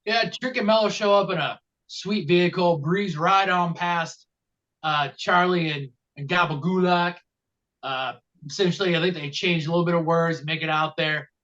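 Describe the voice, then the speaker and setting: A man's voice: normal speed, fairly bright tone. A man co-hosting a wrestling podcast, rambling through the recap with many fillers and dry jokes. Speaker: podcast co-host. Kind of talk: casual comedic wrestling recap. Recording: dull low-quality mic.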